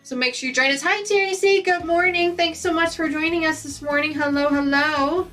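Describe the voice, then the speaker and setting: A chatty, upbeat woman hosts a live craft stream and greets her viewers one by one. Her voice sits high and bright, a little distant from the microphone, with faint music behind her. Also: a little fast. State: has the hiccups. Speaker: quilting channel host.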